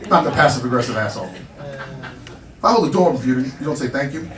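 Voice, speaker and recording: A thirty-something man from Long Island tells brash stories at his own expense during a stand-up set in a small comedy club. His mid-range delivery is expressive and fast, set against background noise, a loud crowd, and distant, roomy acoustics.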